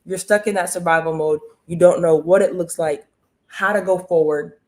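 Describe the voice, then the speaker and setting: Energetic female host for a live motivational stream; repeats calls for comments, coaching tone. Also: on the low side, moderate pace. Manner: energetic, repetitive, keeps asking viewers to comment. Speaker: online business coach hosting a live stream.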